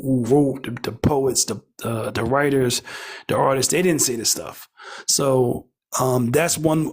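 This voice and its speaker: Husky man in halting podcast chat. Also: mid-range voice, darkish tone. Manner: halting, many fillers, earnest.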